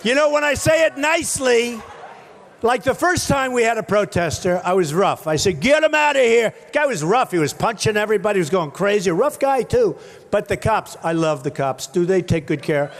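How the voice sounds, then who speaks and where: On a stage microphone at a large rally venue with a crowd, a male political candidate gives a rambling, repetitive speech in short, punchy phrases, frequently shouting to the audience. His voice is high-pitched and animated, running a little fast.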